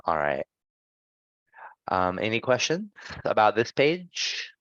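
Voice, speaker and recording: Slow, patient male pronunciation teacher. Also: on the low side, wildly swooping pitch, fairly bright tone, no room sound, lo-fi sound. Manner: patient, checks in with "okay?" often. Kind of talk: online pronunciation lesson.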